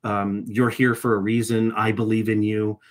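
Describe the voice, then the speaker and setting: A man's voice: on the low side, flat delivery, normal speed. A middle-aged man, a voice actor, giving reflective interview answers and often repeating words as he starts a thought. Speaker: voice actor guest.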